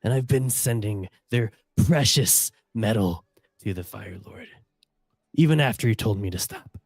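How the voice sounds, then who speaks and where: A man voicing a defiant villain who confesses and taunts, speaking slowly and with contempt. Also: on the low side, creaky, no echo. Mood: scornful.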